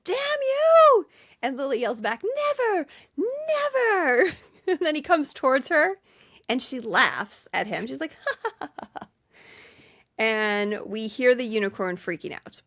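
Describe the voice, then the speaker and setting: Female podcast co-host, higher-pitched, laughing recap of a movie, casual banter. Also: expressive, moderate pace, gravelly, a bit bright, no room sound, clean studio sound. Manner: retells scenes quoting lines, laughs often.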